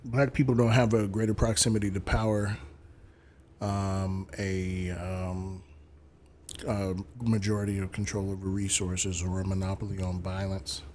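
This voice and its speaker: A man's voice: low voice, little pitch movement, unhurried, darkish tone, slight background noise. A man hosting a live stream, lecturing and debating callers in an emphatic way, swearing casually.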